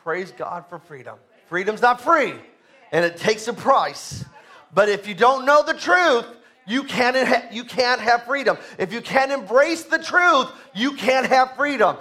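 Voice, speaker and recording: A male pastor preaching a sermon, dropping to hushed low asides and rising to shouted exhortation, calling on the congregation to answer him. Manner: calls for congregation responses.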